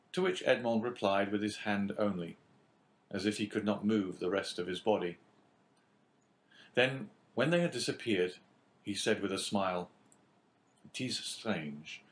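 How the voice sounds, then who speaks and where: A man narrating a classic novel as an audiobook in a measured, even reading. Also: on the low side.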